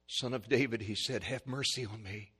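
A male preacher giving a sermon, swinging from hushed, slow pleading to loud, high-pitched shouts. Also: fairly even intonation, breathy edge. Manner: dramatic swings from quiet to shouting.

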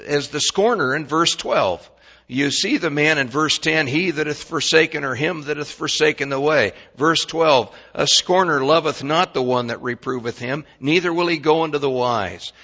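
A man's voice: mid-range voice, creaky, pushed and bright, lo-fi sound. An older man preaching a sermon as a pastor, in a folksy way, with stammered restarts and questions to the congregation.

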